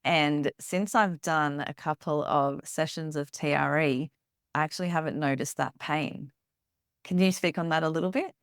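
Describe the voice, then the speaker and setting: A woman with a notably low voice hosts a podcast conversation, speaking earnestly and agreeing warmly with her guest. The sound is dry and close, with no room around it. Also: steady tone, normal speed, smooth, dry recording. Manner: earnest, agreeing, asks follow-up questions. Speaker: podcast host. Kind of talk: interview conversation.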